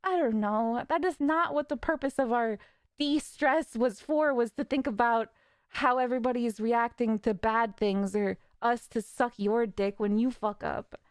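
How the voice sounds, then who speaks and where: A young woman streamer ranting casually, frustrated and swearing with nervous laughs, her voice a little raspy from talking. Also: on the high side, normal speed, no echo, clean studio sound.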